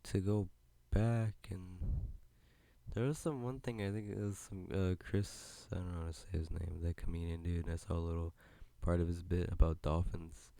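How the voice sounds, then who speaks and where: Young dude on his podcast, low gravelly voice, rambly and laid-back, cusses a lot. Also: warm tone, no room sound. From United States. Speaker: podcast host. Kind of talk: solo casual podcast chat.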